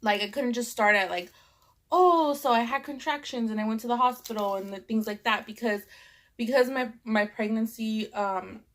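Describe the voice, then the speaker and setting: Young woman, Californian accent, stuffed-up nose, rambling vlog chat, plenty of fillers. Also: medium pitch. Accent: Californian English. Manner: rambling, chatty, lots of "like" and fillers. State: stuffed up from a cold. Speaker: vlogger. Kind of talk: casual eating vlog chat.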